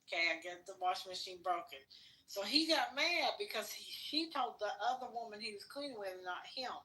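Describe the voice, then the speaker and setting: Bright-voiced woman retelling a story. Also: mid-range voice, animated, fairly quick, poor audio. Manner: blunt, retells a story with asides. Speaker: podcast co-host. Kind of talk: casual storytelling.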